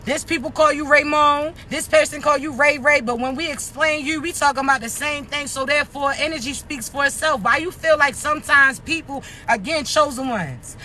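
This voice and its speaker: A raspy woman with a Maryland accent, speaking high and bright as she gives a casual motivational talk to camera. She is blunt and streetwise, swears freely, and keeps asking her listeners if they understand. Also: slight background noise. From Maryland, United States. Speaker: motivational social media creator.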